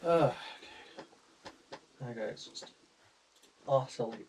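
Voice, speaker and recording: A man's voice: fairly low pitch, animated, moderate pace, creaky, darkish tone, slight background noise, poor audio. Chatty Australian man streaming games. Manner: chatty, laughs often, greets chat viewers. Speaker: game streamer. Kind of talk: casual live-stream chat.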